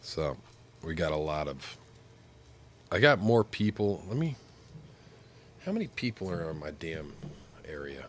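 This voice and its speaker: A man's voice: a bass voice, big pitch swings, a little slow, long pauses, a little hiss or hum. A man streaming while sick with the flu, his voice congested and nasal, chatting casually and joking as he rambles. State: congested, stuffy nose from flu. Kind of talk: casual chat while gaming.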